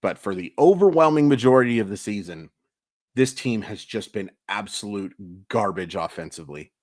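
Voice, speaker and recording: Male recap host, low-pitched, exasperated and emphatic, dry close sound. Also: animated, moderate pace, darkish tone, dry recording. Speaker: sports YouTuber. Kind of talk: daily baseball recap vlog.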